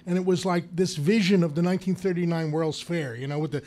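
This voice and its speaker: A man, a guest actor, telling lively anecdotes in a live stage interview before an audience. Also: on the high side, fast. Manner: animated storyteller, laughs often.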